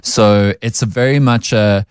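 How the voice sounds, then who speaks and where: Opinionated South African man, low voice. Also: steady tone, measured pace, clean tone, dry recording. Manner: articulate, opinionated, acts out quoted voices. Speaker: panel guest, media personality. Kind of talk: radio panel discussion. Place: radio studio.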